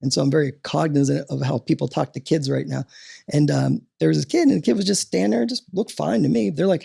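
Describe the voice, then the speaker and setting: A man talking as a podcast guest and coach, animated and motivational, often tossing in "right?" as he talks. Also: a little high, fast talker, creaky, breathy edge.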